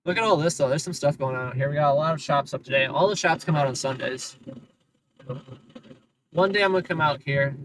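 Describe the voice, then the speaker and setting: A man with a slightly high voice talks to his livestream viewers from the driver's seat, keeping up a chatty, sarcastic running commentary. He grumbles at other drivers and jokes dryly. A faint hum of street noise sits behind him. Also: a little fast, long pauses. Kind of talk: casual livestream commentary while driving. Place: inside a car on city streets.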